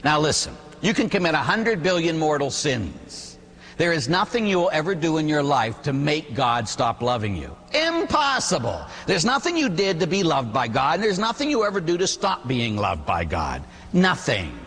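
Animated preaching priest in a big hall. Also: male voice, a little high, moderate pace, slightly rough. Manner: animated, emphatic preaching with storytelling. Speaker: Catholic priest. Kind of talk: sermon.

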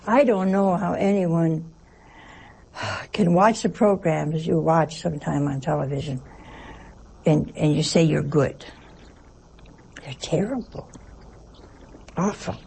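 A woman's voice: deep voice, slow pace, gravelly, long pauses, mellow, slightly rough. A woman, a nun, giving a conversational sermon in a folksy, humorous way, full of rhetorical questions. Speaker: nun preaching.

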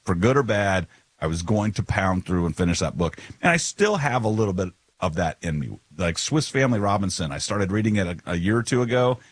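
A man co-hosting a podcast in casual chat, animated and eager, often restarting his sentences. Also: sits low, brisk, dry recording. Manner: animated, eager, stumbles over words. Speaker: podcast co-host.

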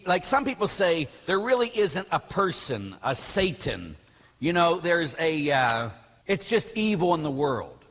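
Priest guy teaching, husky but bright voice, lively and emphatic, long reverb like a big hall. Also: on the high side, a little slow. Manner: animated storytelling with emphatic outbursts. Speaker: Catholic priest. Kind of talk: teaching talk to a class.

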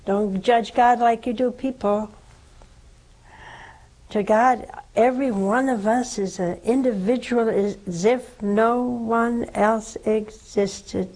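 An older woman, a nun, hosting a religious call-in show and answering a caller with slow, tender preaching. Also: fairly high pitch, fairly even intonation, warm tone, rough recording.

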